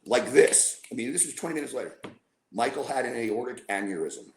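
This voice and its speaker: A podcast guest with a medium-pitched voice speaks briskly and with animation, rambling through a long story with fillers and acted-out dialogue. The roomy, echoey recording carries a little hiss or hum.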